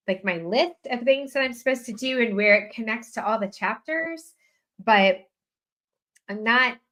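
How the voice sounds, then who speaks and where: A woman's voice: a little high, a bit bright. A woman hosting a live writing sprint stream, chatting casually and self-deprecatingly as she reads out viewers' updates.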